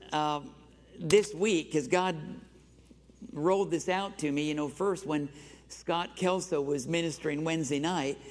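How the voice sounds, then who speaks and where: A fairly high-pitched man preaching to his congregation and calling on them to repeat phrases back. His voice carries the long reverb of a large church hall. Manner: exhorting, has the congregation repeat phrases after him. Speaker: pastor. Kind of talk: sermon. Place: church sanctuary.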